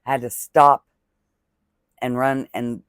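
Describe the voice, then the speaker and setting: A man's voice: mid-range voice, level tone, takes it slowly, fairly bright tone, clear, resonant tone, no echo. Earnest rambling man, dry close sound. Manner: religious blessings and thanks to viewers. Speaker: crochet vlogger. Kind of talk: casual talking-to-camera vlog chat.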